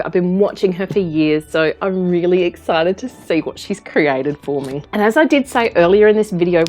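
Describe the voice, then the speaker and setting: Gushing Australian woman crafter. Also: on the low side. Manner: gushing, effusive and warm-hearted. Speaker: craft artist and channel host. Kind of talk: casual craft vlog narration.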